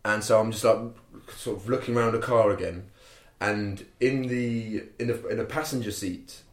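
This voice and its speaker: A man's voice: on the low side, normal speed. A young man telling a rambling, sweary story with laughs in a casual chat. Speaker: podcast guest telling a story. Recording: roomy echo.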